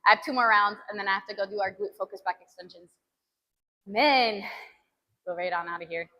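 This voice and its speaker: A woman's voice: mid-range voice, a little fast, pushed and bright, poor audio. A young woman streaming a gym workout, chatting casually and breathlessly between sets, restarting her sentences. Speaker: fitness streamer.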